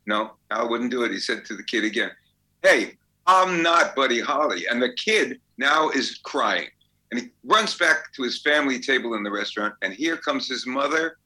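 An older songwriter telling rambling anecdotes in a casual interview. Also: male voice, mid-range voice, moderate pace, sharp tone, poor audio. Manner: rambling anecdotes with fillers and restarts. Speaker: songwriter guest.

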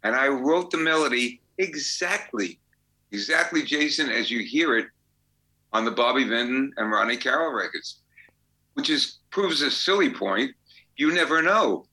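Old songwriter guy spinning stories, really bright clear voice. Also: medium pitch, expressive, moderate pace, poor audio. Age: older. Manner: rambling anecdotes with fillers and restarts. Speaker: songwriter guest. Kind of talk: casual interview storytelling.

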